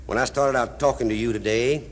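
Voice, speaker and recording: A man's voice: mid-range voice, steady tone, a little fast, long reverb tail. A man with a Cajun accent telling comic dialect stories to a live audience in a folksy drawl. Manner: folksy drawl, broken-English dialect tales. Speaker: storyteller. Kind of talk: live comedy storytelling.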